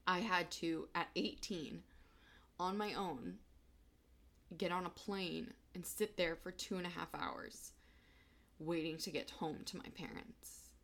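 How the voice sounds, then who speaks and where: A young woman in her twenties telling a personal story of loss, halting and fighting back tears. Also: lowish voice, fairly bright tone.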